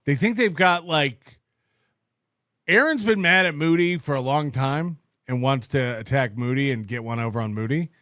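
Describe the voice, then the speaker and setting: A man's voice: fairly high pitch, moderate pace, a bit bright, no room sound, studio quality. Sarcastic man on a podcast. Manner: sarcastic and mocking, often laughing. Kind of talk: casual podcast commentary.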